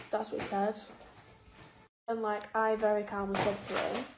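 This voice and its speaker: A woman, a mother, calmly and wearily recounting a hard day at home. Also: mid-range voice, moderate pace. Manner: calm, weary recounting. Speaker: single mother. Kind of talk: casual vlog. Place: home, indoors. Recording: echoey room, faint noise.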